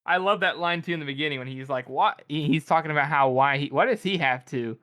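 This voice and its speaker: A man's voice: on the high side, fast, sharp tone. A man co-hosting a podcast, talking enthusiastically about a novel, quoting characters and laughing. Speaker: podcast co-host. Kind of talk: casual chat about a novel.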